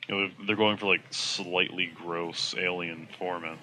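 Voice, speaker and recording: A young man with a low voice and a very bright, forceful edge, cracking jokes as he plays through a game. He talks quickly and laughs easily, with faint game music running behind him. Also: fairly even intonation. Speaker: let's play co-host. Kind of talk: casual gameplay commentary.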